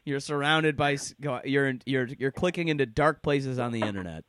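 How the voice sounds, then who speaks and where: A man co-hosting a podcast in casual chat, animated and profane, who slips into character voices as he talks. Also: mid-range voice, a little fast, no room sound, studio quality. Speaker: podcast co-host.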